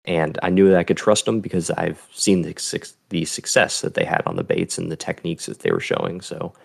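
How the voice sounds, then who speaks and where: A man's voice: sits low, animated, a little fast, gravelly, husky. A young man talking as a podcast guest, earnest and easygoing, rambling a little. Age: young adult. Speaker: guest, bait builder. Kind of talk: casual chat.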